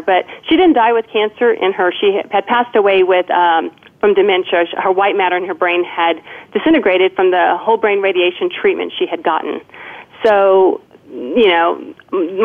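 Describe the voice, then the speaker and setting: A woman in her forties, calling in as a guest, telling a personal story earnestly, with frequent restarts and "you know". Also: mid-range voice. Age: 40s. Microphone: phone call. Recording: tinny phone line.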